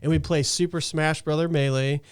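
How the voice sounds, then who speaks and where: A man's voice: on the high side, fairly even intonation, brisk, smooth. A young man hosting a podcast, easygoing, laughing often and asking questions in casual chat. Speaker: podcast host.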